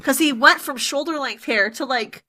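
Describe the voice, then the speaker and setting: Podcast co-host, woman, high and bright, blunt, lively banter. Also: normal speed. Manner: animated, laughing, blunt opinions. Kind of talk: casual chat.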